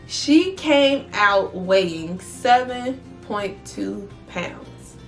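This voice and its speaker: A young woman vlogger, telling her story in a blunt, profane, animated way. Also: medium pitch, very slow, soft background music. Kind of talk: casual storytelling vlog.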